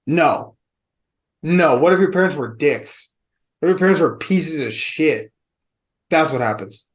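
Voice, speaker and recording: A man's voice: on the high side, lively intonation, measured pace. A man co-hosting a podcast, giving blunt, emphatic opinions on a film and swearing freely. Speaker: podcast co-host. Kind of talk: casual movie review chat.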